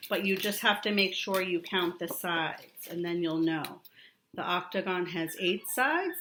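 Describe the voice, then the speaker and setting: A woman teaching a young child a remote lesson, drawing out words and repeating them with steady encouragement. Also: on the low side, reverberant, a little hiss or hum. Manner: slow, drawn-out, encouraging teacher talk with repetition.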